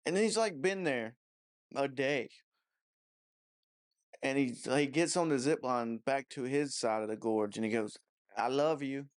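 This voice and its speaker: A man ranting in a loose, casual movie review. He swears freely, mocks what he describes and trails off into fillers mid-thought. His pitch sits at an ordinary middle. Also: a little slow, long pauses. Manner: profane, mocking, rambling with many fillers.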